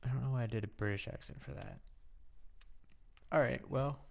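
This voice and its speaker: A man's voice: medium pitch, fairly quick, creaky, dull audio. A man streaming a video game, giving casual commentary and muttering to himself, sometimes dropping to a whisper.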